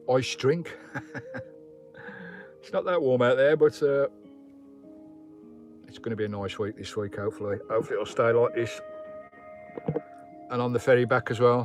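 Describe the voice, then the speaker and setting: A man's voice: mid-range voice, moderate pace, pauses often, soft background music. Chatty man on a live stream. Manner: rambling, chatty, talks to his dog and viewers. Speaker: vlogger hosting a live stream. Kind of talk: casual live-stream chat. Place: inside a campervan.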